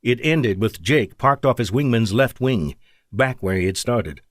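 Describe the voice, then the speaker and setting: A man narrating an audiobook in a measured, dramatic way. His pitch moves lively through the sentences. The sound is close and dry, with no room around it. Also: no echo. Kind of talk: scripted narration.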